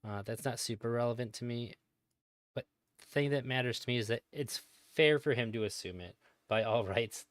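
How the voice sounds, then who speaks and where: A man's voice: lowish voice, fairly bright tone, no echo. Rambling male stream commentator, dry sound. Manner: rambling, many ums and restarts, laughs often. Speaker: stream reviewer. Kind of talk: casual commentary over a played clip.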